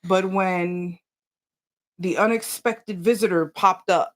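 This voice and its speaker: A woman's voice: on the low side, slow pace. A woman co-hosting a casual livestream chat, telling stories animatedly and talking straight to her viewers. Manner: animated storyteller, addresses viewers directly. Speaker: yarn company co-host.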